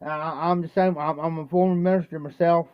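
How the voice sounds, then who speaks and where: A man's voice: on the high side, fairly even intonation, a little fast, clear, resonant tone, dry recording, dull audio. A man from Ohio livestreaming from home, telling a rambling, repetitive folksy story and mixing drinks. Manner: rambling, repetitive, folksy, keeps saying "no joke". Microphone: phone livestream.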